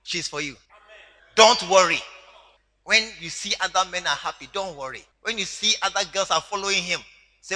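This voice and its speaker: A man preaching a sermon to a congregation, animated and teasing, laughing along with them. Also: high voice, brisk. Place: church hall. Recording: long hall reverb.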